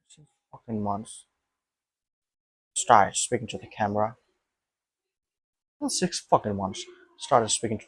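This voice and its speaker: A man's voice: lowish voice, no echo. Emphatic young man thinking aloud. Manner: emphatic, rambling, swears, repeats himself. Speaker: vlogger.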